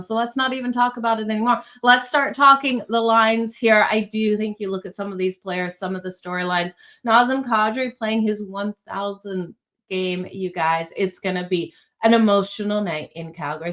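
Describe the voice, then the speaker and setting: A woman's voice: mid-range voice, brisk, a bit bright. A woman hosting a sports betting show, talking casually and upbeat, often addressing viewers directly. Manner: chatty, upbeat, addresses viewers as "you guys". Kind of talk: casual picks and predictions talk.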